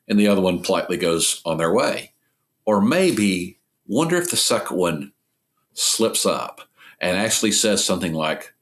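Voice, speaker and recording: A man's voice: fairly low pitch, big pitch swings, normal speed. A man speaking as a podcast guest, earnestly explaining ideas through stories. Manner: earnest, illustrative storytelling. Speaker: podcast guest, recovery ministry founder. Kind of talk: conversational interview.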